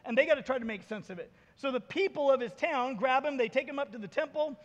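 A man's voice: very high voice, quick pace, lo-fi sound. A male pastor preaching a sermon, telling stories animatedly and acting out the voices of the people in them. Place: church sanctuary. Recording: reverberant church hall.

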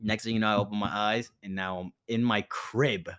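A young man hosting a podcast, telling a party story in a casual, animated way, with lots of filler words and some swearing. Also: fairly low pitch, brisk, clear, resonant tone. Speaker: podcast host. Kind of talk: casual chat.

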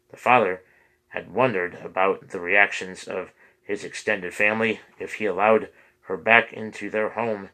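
A man narrating an audiobook chapter in a steady, measured reading. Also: low voice. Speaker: audiobook reader.

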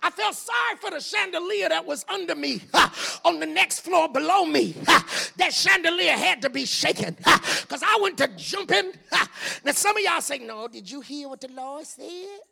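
A man preaching a whooping sermon, chanting and shouting, with a gasped "ha" after every phrase. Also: very high-pitched, lively intonation, moderate pace, creaky.

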